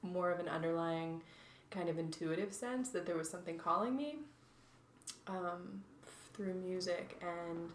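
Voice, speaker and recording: A woman's voice: fairly low pitch, unhurried. A woman in her twenties, a guest talking reflectively with many fillers and restarts, recorded in an echoey room from a distance. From North Carolina, USA. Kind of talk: casual interview chat. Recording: echoey room, distant mic, faint noise.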